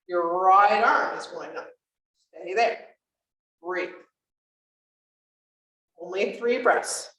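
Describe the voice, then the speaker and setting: In a community classroom, a woman with a fairly bright, mid-range voice leads guided chair yoga. Frequent laughter fills her warm, talkative encouragement, captured by a far-off mic in an echoey room.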